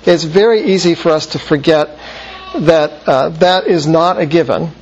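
A man with a slightly high voice walks through a Bible passage in an explanatory lecture. He pauses and corrects himself now and then. The recording sounds dull and lo-fi, with faint background hiss. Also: a little mellow. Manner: explanatory, with fillers and self-corrections. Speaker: Bible teacher.

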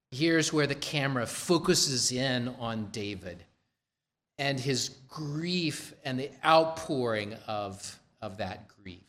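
Slow, measured male preacher. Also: mid-range voice, fairly bright tone. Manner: slow, measured storytelling with quoted dialogue. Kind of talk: sermon retelling scripture.

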